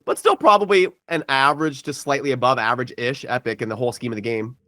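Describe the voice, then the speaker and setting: Bright, crisp man's voice, dry sound. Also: mid-range voice, quick pace, no echo. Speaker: guest content creator. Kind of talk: casual gaming chat.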